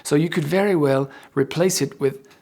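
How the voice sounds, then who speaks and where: A man's voice: on the high side, normal speed. A man teaching an online English lesson, explaining patiently with many examples and often checking in with "okay?". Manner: lively, upbeat sign-off.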